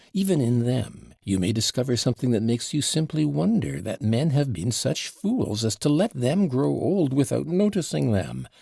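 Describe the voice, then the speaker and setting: A man's voice: medium pitch, creaky, a little mellow, breathy edge, dry recording, clean studio sound, heavily acted. A man reading the part of a drunken, quarrelsome old father who rambles, wheedles and taunts, in an audiobook.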